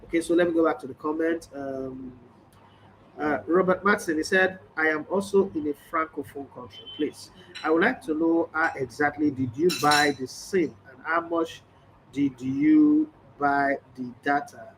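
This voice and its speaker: A man's voice: fairly high pitch, normal speed, fairly bright tone, a little hiss or hum, poor audio. A middle-aged Nigerian man hosting a sports vlog, telling stories emphatically and acting out quoted conversations. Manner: emphatic, storytelling, acts out quoted exchanges. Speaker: sports journalist and channel host. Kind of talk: casual vlog monologue. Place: hotel room or indoor space, background ambience.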